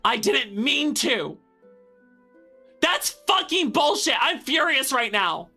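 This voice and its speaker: A young adult woman streaming a video game, talking to her chat with loud exasperated outbursts and swearing. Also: high-pitched, very animated, slow pace, faint music behind. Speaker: VTuber streamer. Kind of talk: gaming livestream commentary.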